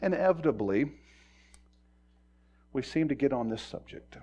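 A middle-aged man preaching a sermon in a conversational way, acting out quoted voices and moving from quiet talk to loud emphasis. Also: mid-range voice, animated, unhurried. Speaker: pastor.

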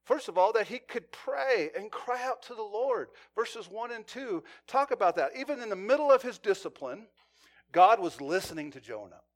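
A man preaches a sermon in an earnest, storytelling manner. His voice is high and very lively in pitch. He drops to a near hush and then climbs back to an intense pitch. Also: moderate pace. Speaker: pastor.

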